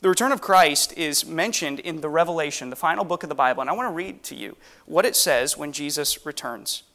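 Man, preacher; earnest sermon delivery with rhetorical questions, a touch higher voice. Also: fairly quick, bright, forceful tone.

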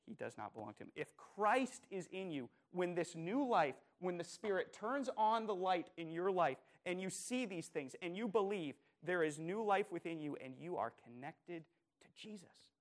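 A male pastor delivering a sermon in a voice pitched a little above the usual. He preaches earnestly, leaning hard on key words, then sinking to hushed phrases. He keeps putting questions straight to his listeners. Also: expressive, unhurried. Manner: earnest, emphatic, asks the congregation repeated questions; swings from loud emphasis to soft, quiet phrases.

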